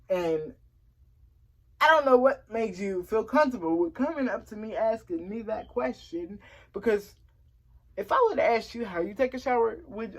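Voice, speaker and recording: A woman's voice: fairly high pitch, expressive, normal speed, low-quality recording. A woman talking candidly to camera, frustrated and repeating words for emphasis. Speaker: vlogger. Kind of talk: casual personal vlog talk.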